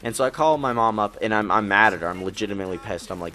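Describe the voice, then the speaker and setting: A man's voice: on the low side, brisk, pushed and bright, faint music behind. A young man animatedly telling a frustrating driving story, ranting with lots of fillers. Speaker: youtuber. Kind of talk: storytelling over gameplay.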